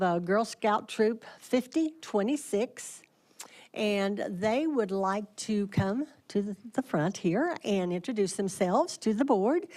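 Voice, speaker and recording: A woman chairs a city board meeting, speaking in a medium register with an even, measured delivery. Her instructions come politely, with an occasional filler. She sounds recorded inside a council chamber. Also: medium pitch. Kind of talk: formal meeting procedure.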